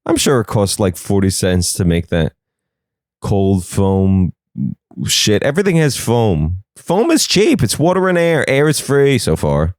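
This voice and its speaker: A man's voice: fairly low pitch, very animated, measured pace, a little mellow, no room sound, clean studio sound. A young man hosting a comedy podcast, riffing sarcastically on the news and slipping into silly voices.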